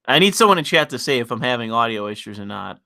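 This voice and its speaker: A man's voice: medium pitch, sing-song, quick pace, gravelly, pushed and bright. Brash, profane male streamer. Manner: profane, rambling, mocking. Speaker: livestream host. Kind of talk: casual ranting commentary.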